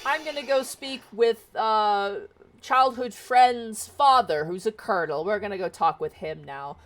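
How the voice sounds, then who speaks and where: A woman's voice: mid-range voice, unhurried, faint music behind, voice pushed up, lightly acted. A woman voicing a fussy male king who complains and gives orders, in a casual book retelling. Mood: peevish. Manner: complaining, bossy.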